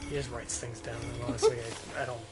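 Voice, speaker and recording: A man giving casual commentary while he plays a video game, with relaxed, wry banter. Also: mid-range voice, quick pace, vocal fry. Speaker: streamer. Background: game music.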